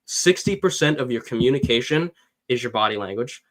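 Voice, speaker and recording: A man giving dating advice as a coach in a casual podcast chat, animated, acting out quotes and swearing casually. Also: mid-range voice, fairly quick.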